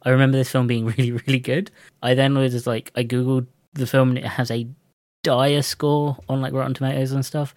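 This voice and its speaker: A man's voice: medium pitch, flat delivery, brisk, darkish tone, no echo. A man co-hosts a podcast in easy, casual chat. He rambles, restarts his sentences and laughs a lot, with a dry, close sound and no room around him. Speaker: podcast co-host.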